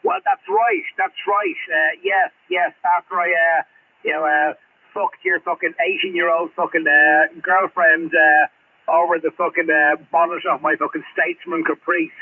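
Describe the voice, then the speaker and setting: A man with a husky, fairly high voice speaks haltingly, filling his crude boasts with pauses. He comes through a narrow, phone-like radio channel. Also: fairly even intonation. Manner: slow, halting, many fillers. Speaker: CB radio operator. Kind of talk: crude banter over radio. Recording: tinny radio transmission.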